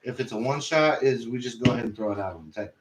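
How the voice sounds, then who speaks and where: A man's voice: medium pitch, rapid-fire, background noise. A man running a tabletop game, chatting loosely and telling stories about it, swearing freely. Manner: animated, swearing storyteller. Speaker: game master. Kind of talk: casual chat after a tabletop game. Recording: roomy, distant mic.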